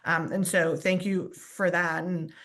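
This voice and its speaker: A woman's voice: fairly low pitch, level tone, unhurried, fairly bright tone. A woman hosting an online book talk over a video call, giving a formal introduction and then asking conversational questions. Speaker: host introducing a guest. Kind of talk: moderating a virtual book talk.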